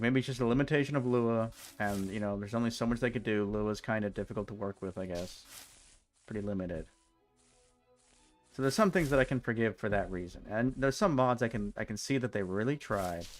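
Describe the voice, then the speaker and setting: A man's voice: on the low side, a little fast, soft background music. A young man streaming a block game, ranting in exasperation and repeating himself as he plays. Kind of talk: casual game commentary.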